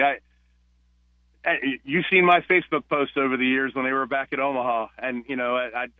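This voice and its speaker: A man from New Jersey, a retired police officer, telling stories as a guest on a phone-in radio interview, with halting restarts. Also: mid-range voice, dry recording. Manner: warm storyteller, halting restarts. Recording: tinny phone line.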